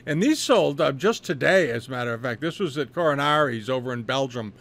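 A man's voice: mid-range voice, animated, brisk, a bit bright. A man talking through art auction results in a casual, rambling way, full of fillers and restarts. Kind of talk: casual spoken commentary.

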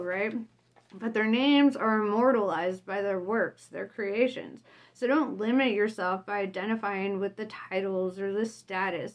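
Blunt, laughing woman vlogger. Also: on the high side. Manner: blunt, laughs often, tag questions. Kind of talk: casual reading of a personal reflection.

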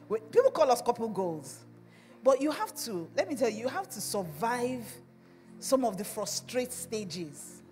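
Animated Nigerian woman pastor preaching. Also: on the high side, big-room sound. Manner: animated storytelling with laughter. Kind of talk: sermon. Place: church.

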